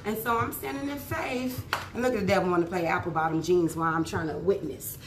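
Her voice hoarse and on the low side, a woman fitness instructor talks fast and cheerfully to viewers after a workout before drifting into preachy testimony. The sound is roomy, with background noise.

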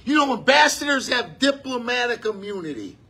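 A man preaching a sermon in a conversational way, breaking into shouts on key lines. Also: extremely high pitch, sing-song, a little fast, husky.

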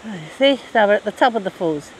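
A woman's voice: medium pitch, expressive, fast, slight background noise. An older woman vlogging casually as she scrambles through a rocky gorge outdoors, chatting to the camera as she goes. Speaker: travel vlogger. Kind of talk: casual hiking commentary.

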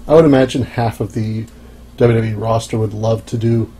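A man's voice: mid-range voice, warm tone, slightly rough, low-quality recording. Wry, offhand male podcast host. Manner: dry, offhand and wry, with frequent "uh" pauses. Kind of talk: casual solo podcast monologue.

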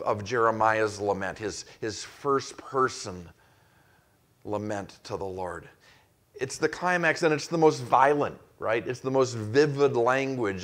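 A male pastor preaching an expository sermon, acting out the quoted voices with rising intensity. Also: mid-range voice. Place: church.

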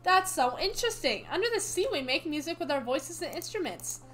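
A woman's voice: very high voice, animated, brisk, a bit bright, soft background music. A woman voicing a bubbly mermaid girl. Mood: delighted. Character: cheerful young mermaid woman, curious and sweet. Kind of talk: reading game dialogue aloud.

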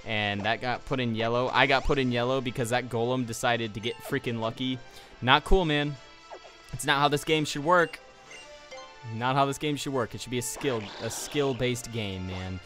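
Bright-voiced young man ranting over a game. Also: mid-range voice, moderate pace, soft background music. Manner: exasperated, ranting, talks to the game characters. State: sniffly nose. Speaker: let's play commentator. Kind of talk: casual gameplay commentary.

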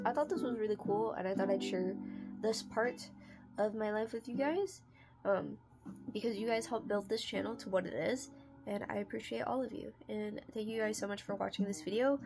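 A woman hosting a casual unboxing vlog, chatty and halting, slowly sounding out words as she goes. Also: mid-range voice. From United States. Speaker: channel host.

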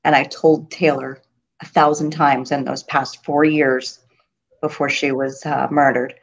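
A middle-aged woman from Florida, a grieving mother telling her story in an interview, halting with many pauses and her voice breaking at times. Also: rumbling low, level tone, vocal fry, a little hiss or hum. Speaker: guest, mother of a murder victim. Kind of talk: emotional interview.

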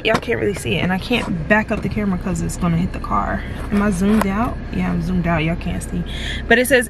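A woman's voice: medium pitch, expressive, moderate pace, vocal fry. Chatty woman vlogging with background noise. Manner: chatty, laughs often, addresses viewers as y'all. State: out of breath. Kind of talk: casual vlog chat to viewers. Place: parked car outside a post office, then at home.

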